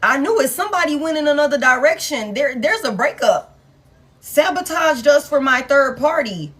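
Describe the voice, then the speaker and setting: A woman's voice: high-pitched, expressive, moderate pace, fairly bright tone. Laughing, profane woman tarot reader. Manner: laughing, profane, playfully acts out quoted people. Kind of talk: casual tarot reading to viewers.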